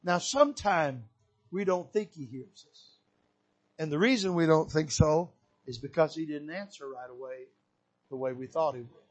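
An older male pastor from Michigan preaches from the pulpit in a notably high voice. He swings from shouted exhortation down to hushed, soft emphasis. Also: animated, moderate pace. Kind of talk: preaching a sermon. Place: church pulpit.

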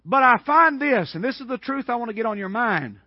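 High-voiced preacher. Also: male voice, lively intonation, brisk, slightly rough, no echo, dull audio. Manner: folksy, emphatic preaching with frequent amens. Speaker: Baptist preacher. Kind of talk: sermon.

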